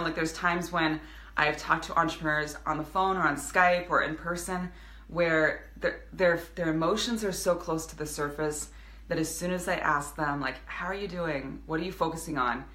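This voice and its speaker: A woman in her thirties, a business coach, talks earnestly to her viewers in a casual motivational live video, restarting often. Her voice is low, pushed and bright, and the sound is reverberant.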